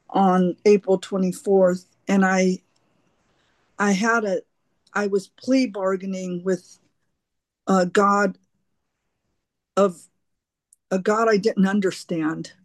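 A woman speaks slowly and haltingly, repeating her words as she shares her recovery story at a twelve-step meeting. Her tone is earnest and open, and the recording is dry and close with almost no room sound. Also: medium pitch, darkish tone, dry recording.

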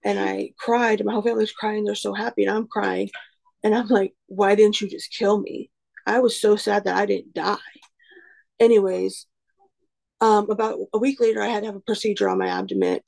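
A woman's voice: mid-range voice, a little fast, vocal fry, darkish tone, rough recording. A woman in her twenties gives a candid personal testimony in a frank, self-deprecating way, rambling with lots of "you know" and "um". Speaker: recovery speaker sharing her story.

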